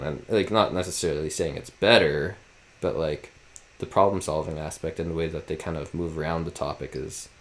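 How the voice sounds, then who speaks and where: A man in his twenties co-hosting a casual podcast, rambling with lots of fillers. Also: deep voice. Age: 20s. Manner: rambling, heavy use of "like". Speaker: podcast co-host. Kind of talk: casual chat.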